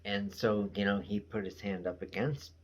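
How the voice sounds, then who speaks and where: A man's voice: on the low side, steady tone, normal speed. A man giving a casual episode recap, rambling along with many fillers and trailing asides. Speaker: show reviewer.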